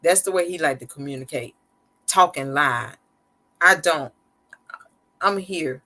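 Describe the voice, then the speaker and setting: A woman's voice: sits low, unhurried, pushed and bright. A chatty woman talks straight to her live-stream viewers, candid and a little sarcastic. Her phrasing is loose and repetitive, full of restarts. She sounds casual and unscripted, like she is confiding in them. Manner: candid, conversational, a bit sarcastic and slick. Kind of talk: casual personal storytelling to viewers.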